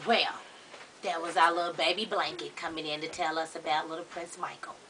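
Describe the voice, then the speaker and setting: A man's voice: little pitch movement, a little fast, distant mic, background noise, close to an everyday voice. A man playing a gossipy, sassy middle-aged Baptist woman, chatting dramatically to the viewers. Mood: chatty. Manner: chatty, dramatic, rising to shrill outbursts. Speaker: comedy character show host. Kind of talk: character comedy monologue to camera.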